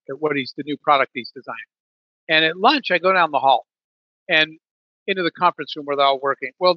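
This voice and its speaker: A man's voice: on the high side, no echo, dull audio. A man in a podcast interview, telling a business story with many restarts and fillers. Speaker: podcast guest, business leader.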